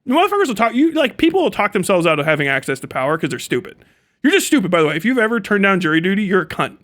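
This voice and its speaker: A man's voice: sits high, sing-song, racing, a bit bright. A man livestreaming a profane, sarcastic rant, mocking and swearing at his viewers. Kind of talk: ranting livestream commentary.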